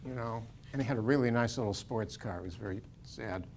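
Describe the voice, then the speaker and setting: A man's voice: mid-range voice, fairly quick, a little mellow, a little hiss or hum. Older man lecturing with many restarts. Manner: digressive, many fillers and restarts. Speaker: Bible scholar lecturer. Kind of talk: informal lecture with anecdotes.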